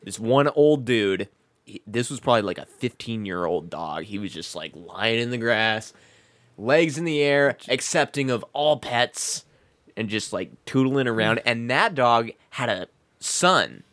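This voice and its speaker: A man's voice: mid-range voice, animated, measured pace, a bit bright, no room sound. A young man hosting a podcast, telling rambling stories in a crude, joking, casual chat. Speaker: podcast host.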